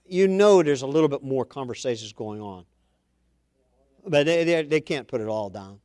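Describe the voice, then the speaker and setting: A man's voice: a little high, mellow, smooth, dry recording, clean studio sound. A man preaching an informal Bible-study sermon, reading scripture aloud and then commenting in a chatty way with asides.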